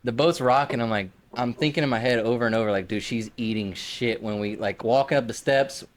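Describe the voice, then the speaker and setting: A man's voice: medium pitch, quick pace. A man co-hosting a podcast, telling a long, rambling story in casual chat, full of fillers and swearing. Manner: rambling storyteller, heavy use of "like" and profanity. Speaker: podcast co-host.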